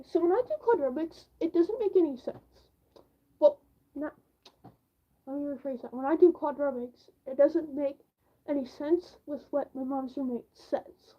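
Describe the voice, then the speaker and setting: Girl with a high voice rambling on her stream, lots of likes and ums, goes whiny quoting herself, kinda muffled lo-fi audio. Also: normal speed. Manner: rambling, filler-heavy, whiny when re-enacting complaints. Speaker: livestream host. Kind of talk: casual livestream storytelling.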